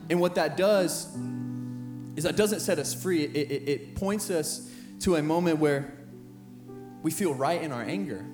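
A young man, a high school pastor, preaching an earnest sermon that repeats phrases and builds in intensity. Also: unhurried. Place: church sanctuary with band playing behind. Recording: roomy church hall with live music.

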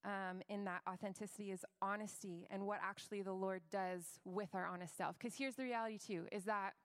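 A young adult woman giving a conversational, earnest sermon about faith, with filler words and lively acted-out quotes. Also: mid-range voice, a little fast, no echo, clean studio sound. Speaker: Christian speaker.

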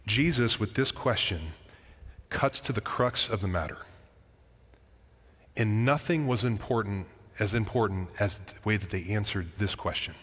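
A man's voice: lowish voice, measured pace, fairly bright tone, husky. A man preaching a sermon as pastor, earnest and emphatic, with casual asides to the congregation. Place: church sanctuary. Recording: church hall reverb.

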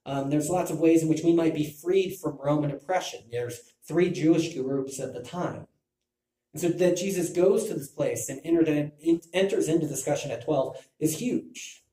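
Guy preaching a bible lesson, kinda high voice but mellow, echoey room. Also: normal speed. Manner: thinking aloud with restarts. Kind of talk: bible teaching talk.

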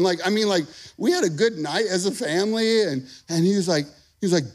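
A man in his thirties, a pastor preaching a lively, conversational sermon, calling out to the congregation. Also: sits high, brisk, hardly any pauses. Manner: energetic, conversational preaching with call-and-response.

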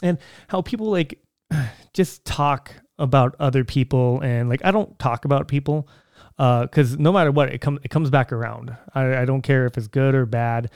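A young man musing aloud on his podcast in a loose, meandering way, full of "uh" and restarts. His voice is smooth and resonant, and it sits dry and close to the mic. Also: mid-range voice, normal speed, a little mellow, no echo. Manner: rambling, conversational, many fillers and restarts. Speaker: podcast host. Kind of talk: casual solo podcast monologue.

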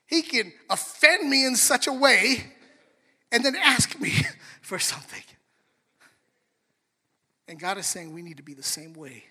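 Middle-aged pastor guy preaching, highish voice, big echoey hall. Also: a little slow, pauses often. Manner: animated storytelling, swings from soft to loud. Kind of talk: sermon.

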